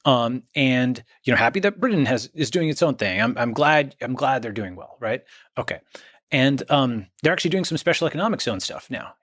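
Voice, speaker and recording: A man's voice: mid-range voice, expressive, fairly quick, a bit bright, no echo, studio quality. A man speaking as an interview guest, emphatic, often checking in with "okay?" and "right?". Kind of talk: conversational interview.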